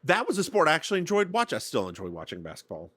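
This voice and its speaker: A man co-hosting a casual podcast in a playful, animated way, calling his friend "girl". His voice is bright and slightly high, with a lively, swooping pitch. He is recorded on a close mic that sounds dry. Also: racing, no echo. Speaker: podcast co-host. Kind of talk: casual chat recapping a sitcom episode.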